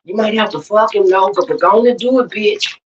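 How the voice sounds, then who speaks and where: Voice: mid-range voice, a little fast, slight background noise, close to an everyday voice. A livestream host mimicking brash gossiping friends who crudely egg someone on. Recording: roomy, distant, dull lo-fi sound.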